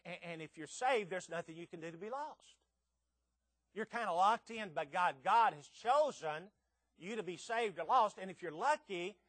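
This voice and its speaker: Emphatic high-voiced male preacher. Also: dry recording. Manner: emphatic, rising to loud peaks with rhetorical questions; stammers and repeats words. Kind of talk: sermon.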